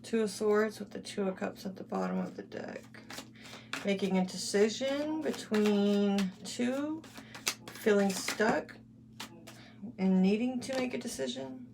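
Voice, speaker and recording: A woman's voice: medium pitch, a little slow, gravelly. A woman giving a casual tarot reading, musing and thinking aloud as she lays out cards. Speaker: tarot reader. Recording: loud background noise.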